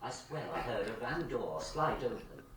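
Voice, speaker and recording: A man playing a paranoid, gossiping young lad from in a comedy animation clip, talking in a hushed, rambling way. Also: mid-range voice, lively intonation, normal speed, natural voice. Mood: conspiratorial. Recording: echoey, distant, loud background noise.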